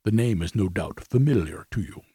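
Audiobook: male narrator voicing a haughty disguised king, raspy low and stately. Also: animated, a little fast, dry recording, clean studio sound, heavily acted. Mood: commanding. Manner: stately, forceful formal speech. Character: commanding disguised male king, proud, agitated.

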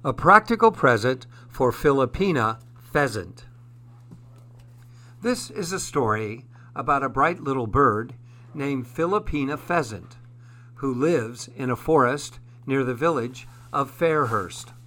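A man narrating a children's story in a gentle, expressive way. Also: medium pitch, measured pace.

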